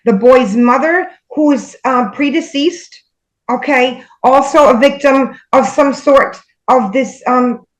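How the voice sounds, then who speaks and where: A woman guest recounting spiritual experiences in casual conversation, hesitant with many fillers and pauses. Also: sits high, rough recording.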